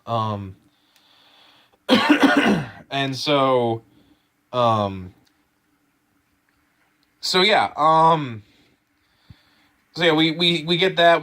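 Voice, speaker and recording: An anime episode gets a loose, rambling review from a man with a mid-range voice. He sounds excited, packing in fillers and frequent restarts.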